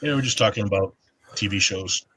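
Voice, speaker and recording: Low husky male co-host, bright edge, rambling casual talk. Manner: rambling, halting with many restarts. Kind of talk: casual stream chat.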